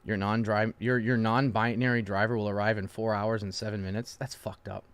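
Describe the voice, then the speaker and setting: A young man casually reacting to posts as a streamer, swearing freely, stammering through restarts and swinging from quiet asides to loud outbursts. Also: fairly low pitch, level tone, fairly quick, clean tone, dry recording. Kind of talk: casual profane reaction chat.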